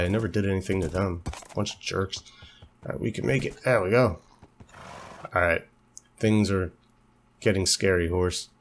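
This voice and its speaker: A young man with a fairly low voice talks through a video game at his computer, chatty and joking, coaxing his horse along and startling easily. He is feeling a little unwell. Faint keyboard clicks can be heard behind him. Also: a little hiss or hum. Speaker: let's play host. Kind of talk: casual gaming commentary.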